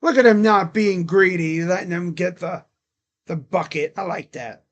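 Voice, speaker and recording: A man doing casual live play-by-play and reaction on a stream, rambling between plays and getting louder and quicker when the action picks up. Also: high voice. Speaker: livestream sports commentator.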